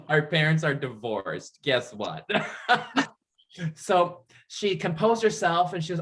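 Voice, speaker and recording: A man's voice: on the high side, takes it slowly, pauses often. A man in his thirties from the Niagara region, a guest telling his coming-out story in an interview, acting out what others said and often laughing. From Niagara region, Canada. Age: 30s. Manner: animated storyteller, acts out quoted voices, laughs often.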